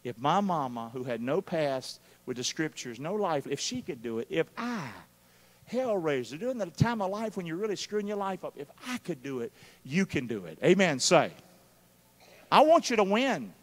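A man preaching a live sermon, calling out for responses from the congregation and swinging between loud and hushed. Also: fairly high pitch, very animated, normal speed. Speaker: pastor. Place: church sanctuary during a live service. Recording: long hall reverb of a church.

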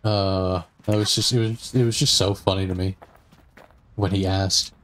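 A man's voice: deep voice, steady tone, moderate pace, fairly bright tone. A man chatting casually as he plays a game, rambling through stories with lots of fillers and asides. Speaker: gaming streamer. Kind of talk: casual gameplay commentary.

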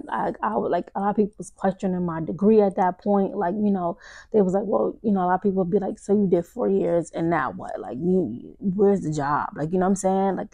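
Gravelly-voiced woman podcast host, casual. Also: medium pitch, dry recording. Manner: animated storyteller, acts out her own quotes, says "y'all" and "like" a lot. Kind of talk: casual testimony to listeners.

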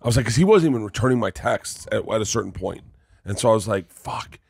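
A man in his forties, a comedian guest, chatting casually and excitedly, swearing and laughing often. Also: lowish voice, quick pace, gravelly, breathy edge, no echo, studio quality. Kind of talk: casual chat.

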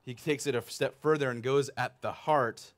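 Animated conversational preacher man. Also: medium pitch, normal speed. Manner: animated, conversational, asks the audience questions. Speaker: pastor. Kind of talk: sermon. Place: church.

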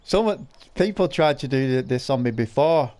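A man's voice: medium pitch, lively intonation, moderate pace, a little mellow. A man commentating a live farming game stream, teasing viewers with crude, laughing banter. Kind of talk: live gameplay commentary, reading chat.

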